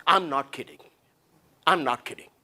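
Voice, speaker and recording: A man from India speaking at a breakfast talk, pitched a little higher than most men. He talks bluntly and emphatically, stopping to restart his sentences. It comes across as a lively public talk rather than a script. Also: normal speed.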